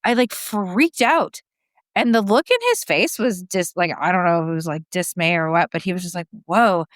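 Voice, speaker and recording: A woman's voice: fairly low pitch, normal speed, no room sound, studio quality. A middle-aged woman from Canada, a podcast guest telling her own story candidly and acting out what she said. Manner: animated, acts out quotes of herself.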